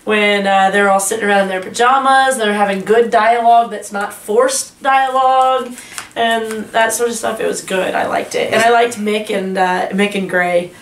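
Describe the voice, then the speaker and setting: A woman's voice: medium pitch, steady tone, normal speed. A woman co-hosting a casual TV recap chat, laughing often and restarting her sentences. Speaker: podcast co-host. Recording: echoey room, far from mic, faint hiss.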